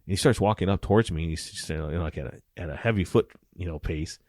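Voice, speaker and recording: Middle-aged male ex-cop, very low voice, dry close sound, gritty profane storyteller, acts out the quotes. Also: quick pace, no room sound. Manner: animated, profane storyteller acting out dialogue. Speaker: former police officer. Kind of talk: casual storytelling interview.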